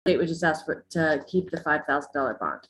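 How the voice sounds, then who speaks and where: A woman prosecutor argues formally and firmly in court, with hesitant fillers. Her voice sits fairly low. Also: lively intonation, fairly quick, fairly bright tone. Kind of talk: courtroom argument.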